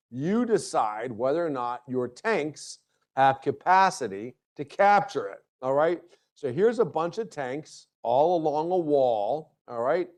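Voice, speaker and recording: A man's voice: fairly high pitch, darkish tone. A male university lecturer giving a classroom lecture, tossing out rhetorical questions and light joking asides to his students. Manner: checks in with frequent rhetorical questions.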